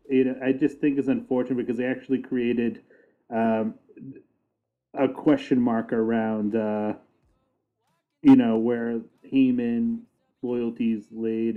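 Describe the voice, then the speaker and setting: A man's voice: mid-range voice, flat delivery, measured pace. A man co-hosting a podcast, chatting casually about wrestling, thinking aloud with fillers and laughing often. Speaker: podcast co-host. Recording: tinny phone-like sound.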